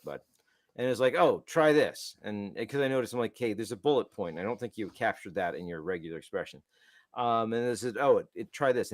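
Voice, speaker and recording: A man's voice: medium pitch, dry recording, clean studio sound. A man co-hosting a developer podcast, telling stories in a casual, rambling way with many restarts. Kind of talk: casual tech chat.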